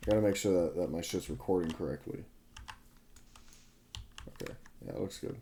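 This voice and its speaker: A man's voice: sits low, a little fast, background noise. Sleep-deprived young man rambling over gameplay. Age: 20s. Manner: rambling, self-correcting, frank with swearing. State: sleep-deprived, up all night. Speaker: gaming video creator. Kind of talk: casual gameplay commentary.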